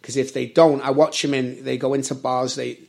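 A man in his thirties with a gravelly edge to his voice, talking in a loose, rambling way. He often stops to correct himself, and his talk is full of fillers. He sounds like a guest in a casual chat. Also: medium pitch, level tone, a little fast, darkish tone. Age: 30s. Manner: rambling, self-correcting, many fillers and restarts. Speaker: service worker and conversation guest.

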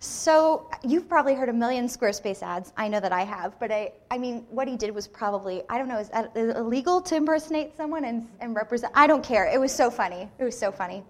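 A woman's voice: a little high, fast, hardly any pauses, a little mellow. Chatty, upbeat woman presenter. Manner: chatty, enthusiastic, many fillers. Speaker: conference speaker. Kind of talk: casual live presentation.

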